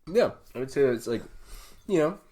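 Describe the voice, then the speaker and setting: A man's voice: mid-range voice, lively intonation, normal speed, warm tone. A man co-hosting a casual wine podcast, riffing on playful analogies and swearing freely. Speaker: podcast co-host. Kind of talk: casual chat.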